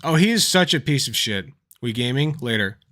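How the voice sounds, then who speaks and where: A man's voice: mid-range voice, expressive, fairly quick, a bit bright. A man hosting a livestream, chatting casually and telling anecdotes, swearing freely and laughing at his own stories. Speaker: livestream host.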